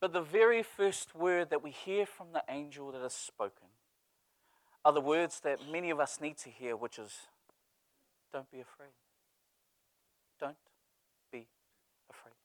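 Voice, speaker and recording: A man's voice: a little high, dry recording. A man preaching a sermon, telling stories with humor. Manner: lively storytelling with humor. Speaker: pastor.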